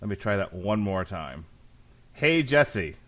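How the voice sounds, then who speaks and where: A man's voice: on the low side, big pitch swings, slow, a bit bright. A man hosting a podcast, reviewing an album in casual chat, blunt and crude, laughing often. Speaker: podcast host.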